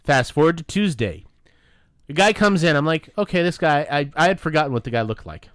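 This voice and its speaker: Animated, swearing man telling a story. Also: a little high, brisk, no room sound, clean studio sound. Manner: animated, profane, acts out dialogue. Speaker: podcast co-host. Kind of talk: casual storytelling with friends.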